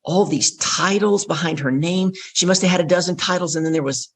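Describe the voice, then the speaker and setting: A middle-aged woman with a lowish, gravelly, husky voice and heavy vocal fry tells her story a little fast. As an interview guest, she's a vivid storyteller who acts out each exchange of dialogue.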